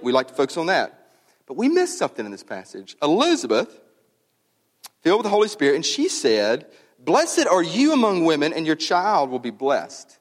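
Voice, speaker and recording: Casual male pastor, conversational sermon, lively emphasis, long church-hall reverb. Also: a little high. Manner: conversational, animated preaching with casual slang. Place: church sanctuary.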